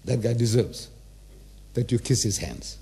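A man's voice: medium pitch, unhurried, mellow. A man in his seventies giving a religious lecture to a live audience, emphatic, repeating phrases and firing rhetorical questions at the listeners. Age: 70s.

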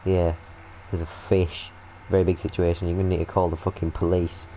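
A young British man commentating on his gameplay in a lowish voice, excitable and full of swearing and jokes. He jumps from mutters to yelps as the game goes wrong, with faint background noise behind him. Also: fairly quick, poor audio. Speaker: gaming video host. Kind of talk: let's-play commentary.

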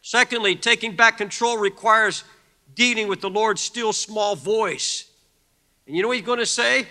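A man preaches with a high, very bright and piercing voice. He moves between hushed pleading and impassioned shouting, and a long hall reverb trails behind every phrase. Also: moderate pace. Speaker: pastor. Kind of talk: sermon.

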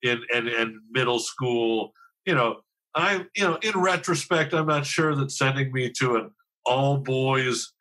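A man's voice: mid-range voice, unhurried, sharp tone. A man as a podcast guest in casual chat, making wry, self-deprecating jokes.

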